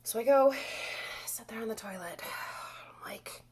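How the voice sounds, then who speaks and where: A young adult woman telling a comic story, swinging between whispers and loud bursts with exaggerated delivery. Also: on the high side, unhurried, pauses often, breathy edge. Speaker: comedian storyteller.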